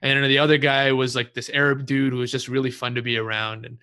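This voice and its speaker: Bright-voiced young man telling a story casually. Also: mid-range voice, quick pace, clean tone. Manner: relaxed, swears freely, laughs at his own story.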